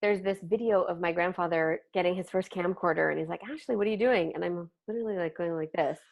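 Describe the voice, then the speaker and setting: A woman in her thirties, a comic actor and podcast guest, telling candid stories in an animated way and swearing casually. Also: lowish voice, fast talker, gravelly, lo-fi sound. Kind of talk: casual interview chat.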